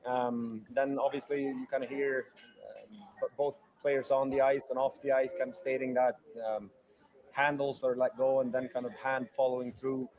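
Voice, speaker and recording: A male athlete answering in an interview, hesitant and measured, with many pauses and fillers. His voice sits mid-range and barely moves in pitch. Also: flat delivery, muffled recording. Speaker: curling athlete.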